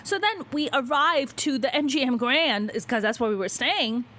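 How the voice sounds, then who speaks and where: A woman's voice: high voice, normal speed. A young woman telling a story in casual chat, swearing freely and acting out the voices of the people in it. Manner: animated, swearing, acts out quoted voices. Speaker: podcast host telling a story.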